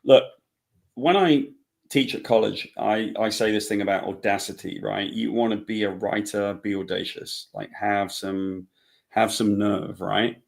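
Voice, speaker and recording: Low-voiced man telling stories. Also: steady tone, a little slow, gravelly. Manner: rambling, restarts often, acts out quoted dialogue. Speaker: comic book writer guest. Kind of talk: casual interview talk.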